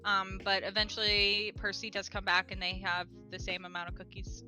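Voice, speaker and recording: A woman's voice: mid-range voice, monotone, moderate pace, sharp tone, soft background music. A woman narrating as game master of a tabletop game, casual and laughing often.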